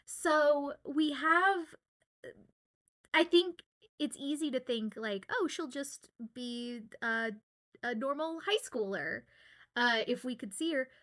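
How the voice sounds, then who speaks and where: Woman, from Southwest Louisiana, casual livestream chat, somewhat high voice, giggly, lots of fillers. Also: animated, takes it slowly, a bit bright. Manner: chatty and giggly, with many fillers. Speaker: voice actor signing autographs on stream.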